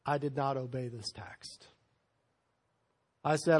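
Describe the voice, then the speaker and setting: Male pastor, husky tone, lively storytelling sermon. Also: medium pitch, unhurried. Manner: animated storytelling with sudden loud bursts.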